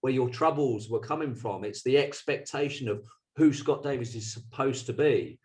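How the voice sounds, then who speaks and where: A man's voice: medium pitch, a little mellow. A man co-hosting a podcast, reflecting thoughtfully on a guest's story over a video call. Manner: thoughtful, analytical, measured. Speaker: podcast co-host. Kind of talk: reflective interview talk.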